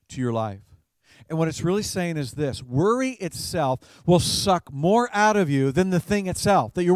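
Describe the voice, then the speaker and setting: A man's voice: fairly high pitch, darkish tone, no room sound, studio quality. A man preaching a sermon as a pastor in a conversational way, chuckling now and then and repeating words as he goes.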